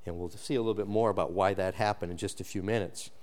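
A male pastor preaching an expository sermon, shifting between low emphatic lines and raised animated ones, often restarting his words. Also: fast. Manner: frequent restarts and repeated words.

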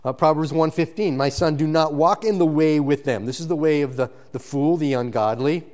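A man preaching a sermon as pastor, earnest and emphatic, often restarting phrases and breaking into quick asides. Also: fairly high pitch, darkish tone.

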